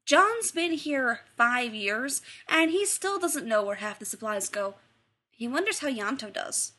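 Woman reading a story, fairly high voice. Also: unhurried. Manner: expressive, shifting tone for characters. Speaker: reader. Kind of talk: scripted narration of fan fiction.

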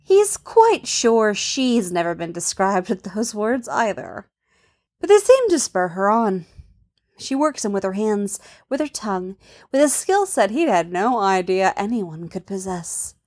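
Female narrator for an intimate story reading: soft, hushed, mid pitch. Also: big pitch swings, measured pace. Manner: soft, intimate, often dropping to a hush. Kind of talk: reading an adult fan fiction story.

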